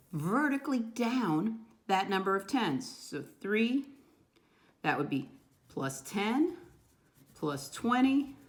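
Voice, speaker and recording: Woman teacher, lively sing-song voice, spells words out slowly, echoey room, a bit off-mic. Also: medium pitch. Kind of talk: lesson for young children.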